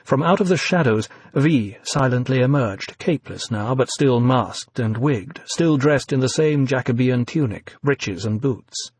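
Brief: husky male narrator, measured descriptive storytelling, dry close sound. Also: medium pitch, expressive, a little mellow, dry recording. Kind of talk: audiobook narration.

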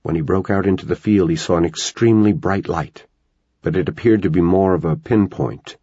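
Very low, husky male narrator. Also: a little fast, dark tone, no echo, lo-fi sound. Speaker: audiobook narrator. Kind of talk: scripted narration.

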